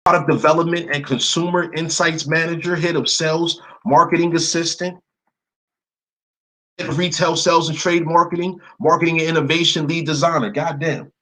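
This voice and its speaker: A man's voice: on the high side, flat delivery, fairly quick, fairly bright tone, low-quality recording. A man giving a screen-share commentary, reading long word lists aloud in a blunt manner and cursing now and then. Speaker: presenter.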